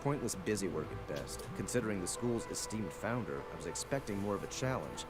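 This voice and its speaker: Snobbish young aristocrat, low and scornful, loud game music behind. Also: male voice, expressive, fairly quick. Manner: arrogant, dismissive. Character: haughty rich young noble student. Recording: game audio under music.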